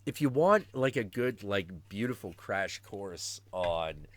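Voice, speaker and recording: Animated, profane man hosting a stream. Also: fairly low pitch, slow pace, slight background noise. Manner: animated, profane, acts out quotes. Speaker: stream host. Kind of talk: casual chat.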